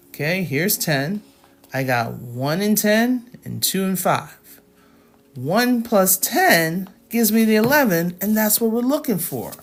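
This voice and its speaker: A woman's voice: on the low side, a little hiss or hum. A woman teaching a live math lesson, explaining each step patiently and checking in with her students.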